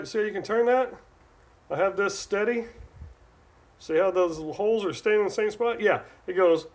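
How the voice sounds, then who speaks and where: On a laid-back live stream, a Northern California man reads viewer questions aloud and answers each in turn. His voice is slightly high for a man, and he tends to ramble, letting sentences trail off before starting them over.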